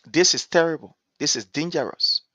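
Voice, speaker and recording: A man's voice: fairly high pitch, lively intonation, moderate pace, bright, forceful tone, no echo. A man from Liberia with a Liberian English accent, hosting a political talk show and giving impassioned commentary full of rhetorical questions and repeated points. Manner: rhetorical, repeats points, asks "guess what".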